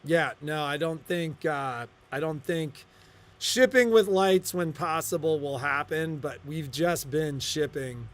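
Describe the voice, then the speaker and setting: Speaking slowly in a slightly high voice, this middle-aged man co-hosts a livestream for the shop he co-owns. He tells stories in a lively, casual way, performing the quoted lines as he goes.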